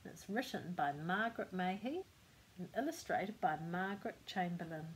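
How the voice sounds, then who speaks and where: Older woman, storyteller, picture book read-aloud, gentle, points at pictures. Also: lowish voice, animated, normal speed, slight background noise, rough recording.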